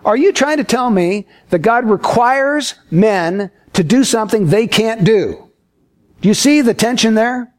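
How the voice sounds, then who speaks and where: Animated, high-voiced male preacher. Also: measured pace. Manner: expressive storyteller, acts out quoted voices. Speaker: pastor. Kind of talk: sermon.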